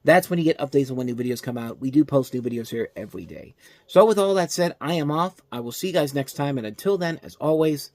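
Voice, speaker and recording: Talking fast with a medium-pitched voice, this man hosts a movie review show and delivers a casual, exasperated rant. He keeps cutting himself off to restart sentences, and the recording has no echo.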